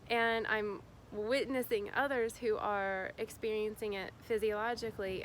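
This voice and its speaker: A woman's voice: mid-range voice, fairly bright tone, slight background noise. A woman from Indiana, a spiritual guide, talking casually and rambling with many fillers and restarts. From Indiana, USA. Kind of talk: casual spiritual vlog talk.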